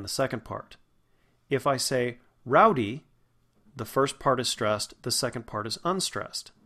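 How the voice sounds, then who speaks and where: A man explains English vowel sounds in the steady, patient way of a diction teacher. His pitch sits in an ordinary middle range. He slows down and draws out sounds to demonstrate them. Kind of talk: spoken vowel lesson.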